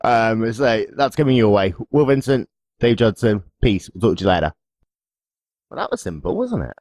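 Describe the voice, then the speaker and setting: Dude co-hosting, bouncy voice all over the place, jokey, dry close sound. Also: male voice, on the low side, sing-song, normal speed, darkish tone, no echo. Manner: joking, rambling, swears casually. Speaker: podcast co-host. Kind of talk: casual promo chat.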